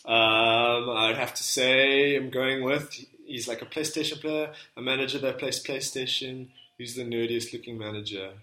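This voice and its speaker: A man's voice: medium pitch, fairly even intonation, moderate pace, few pauses, pushed and bright. A man co-hosting a casual football podcast, joking and laughing often as he guesses at quotes. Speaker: podcast co-host. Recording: roomy echo.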